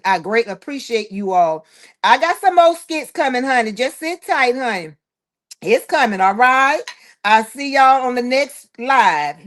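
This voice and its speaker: A woman hosting a casual live stream, reading out viewer comments one after another. Her voice sits a little high, and she calls her listeners honey, child and boo as she talks. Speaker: livestream host.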